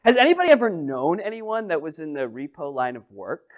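A male pastor delivers a sermon in a high, smooth and clear voice. He talks to the congregation in a conversational, humorous way. He swings between loud, emphatic phrases and quiet asides. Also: sing-song, fairly quick.

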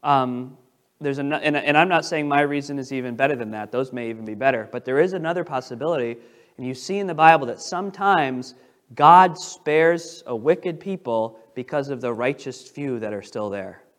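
A male pastor delivers a sermon in an animated way, swinging between loud, emphatic stretches and quiet asides. He restarts and rephrases as he paraphrases scripture. His voice sits in a middle pitch for a man. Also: moderate pace.

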